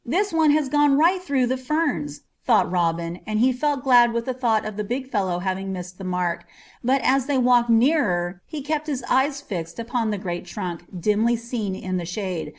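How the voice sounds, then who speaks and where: A woman narrating a storybook in a gentle, measured way. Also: mid-range voice, lively intonation. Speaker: audiobook narrator.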